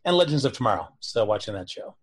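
Halting man in casual chat. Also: mid-range voice, big pitch swings, husky. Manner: halting, drawn-out, with fillers.

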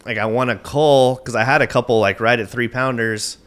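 A man guest on a podcast, telling a tournament fishing story in an animated, excitable way, with lots of "like" and casual swearing. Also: medium pitch, brisk, smooth.

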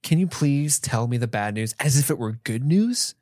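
A man's voice: medium pitch, lively intonation, moderate pace, darkish tone, no room sound, clean studio sound. A man co-hosting a podcast, chatting casually about a film and often laughing. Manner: laughs often, acts out movie lines in put-on voices. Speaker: podcast co-host. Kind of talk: casual film review chat.

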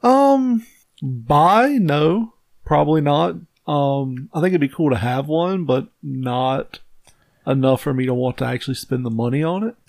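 A man's voice: fairly high pitch, measured pace, vocal fry, darkish tone, dry recording. A man co-hosting a podcast, answering listener questions in an easygoing, agreeable way. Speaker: podcast co-host. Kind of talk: casual chat.

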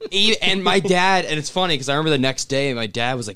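Bright-voiced swearing man telling a story. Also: medium pitch, fast talker, clean tone, no room sound. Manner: animated, swears a lot, laughs through the story. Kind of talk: casual storytelling among friends.

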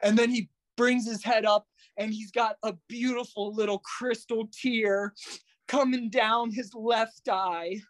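A young man telling a story in a casual, animated way, swearing a lot and using slang. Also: sits high, measured pace, dry recording.

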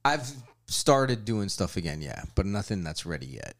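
A man's voice: fairly low pitch, big pitch swings, moderate pace, a bit bright. A man chatting casually about his art, candid and self-mocking, swearing often. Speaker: guest painter. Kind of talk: casual chat.

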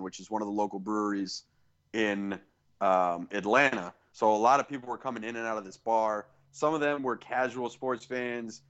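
With a lowish voice and a fairly bright tone, this man co-hosts a podcast, talking sports casually and ranting with sarcastic asides. The audio is lo-fi.

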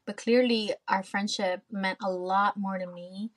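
A woman's voice: medium pitch, steady tone, unhurried. A woman hosting a podcast, telling a personal story in casual chat. She speaks candidly, swears freely and acts out her own past remarks. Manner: candid, swears freely, tells stories with quoted asides. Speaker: podcast host.

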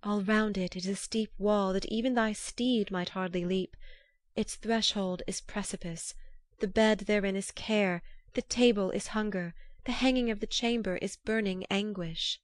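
A woman's voice: mid-range voice, fairly even intonation, unhurried, no room sound, natural voice. A woman voicing a pale maiden who guards a bridge, speaking formally in old-fashioned, stately phrasing. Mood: solemn. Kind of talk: storybook reading.

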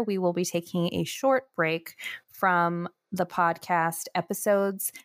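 A woman's voice: lowish voice, no room sound, studio quality. Giggly woman co-hosting a podcast. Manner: giggly, playful teasing. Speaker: podcast co-host. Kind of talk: casual podcast chat.

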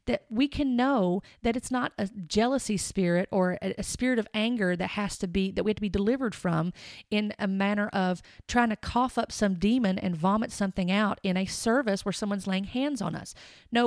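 A woman in her thirties giving an earnest, emphatic Bible teaching, slowing down to stress her points. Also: medium pitch, dry recording, clean studio sound. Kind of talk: podcast-style teaching monologue.

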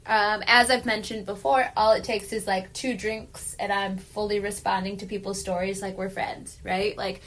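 A woman co-hosting a laid-back chat show. She tells stories in a chatty, animated way and fills her sentences with "like". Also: mid-range voice, normal speed, hardly any pauses, slight background noise. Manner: chatty, animated storytelling with frequent "like". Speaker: podcast co-host. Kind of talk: casual chat.

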